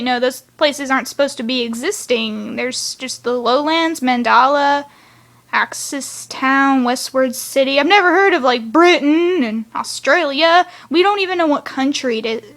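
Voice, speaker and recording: A woman's voice: sits high, fairly bright tone. A teenage girl reviewing a cartoon episode in a chatty, rambling rant that keeps wandering off on tangents.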